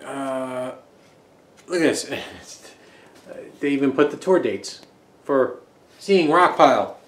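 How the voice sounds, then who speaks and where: A man's voice: mid-range voice, lively intonation, takes it slowly, reverberant. A man casually talking through his record collection, rambling and joking as he goes. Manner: rambling, chatty, jokey asides.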